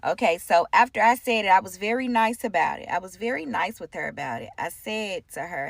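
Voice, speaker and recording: A woman who provides post-op care, retelling an incident in an animated way with quoted dialogue. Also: mid-range voice, brisk, vocal fry, hardly any pauses. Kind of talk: storytelling in a clip.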